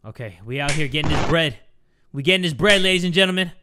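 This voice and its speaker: A man giving excitable let's-play commentary, shouting and swearing at the game. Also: a little high, fast talker, noisy background. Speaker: gaming YouTuber.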